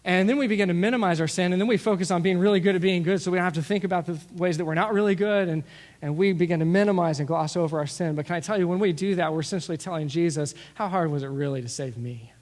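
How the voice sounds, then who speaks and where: A middle-aged man preaching a sermon as pastor, telling stories with lively asides and acting out what people said. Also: high voice, racing. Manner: storytelling, animated with asides and acted-out quotes. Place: church sanctuary. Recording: long reverb of a large hall.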